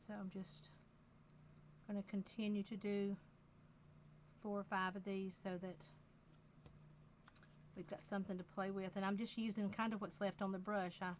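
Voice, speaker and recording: A woman with a Southern accent demonstrating a craft project live, talking in an unhurried, chatty way and repeating phrases as she works. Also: mid-range voice, flat delivery, slight background noise.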